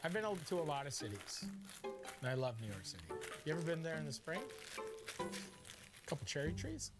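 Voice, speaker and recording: A man hosting a cooking show, playful and excitable, cracking crude jokes as he cooks. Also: fairly high pitch, normal speed, over loud music. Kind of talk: energetic cooking demonstration.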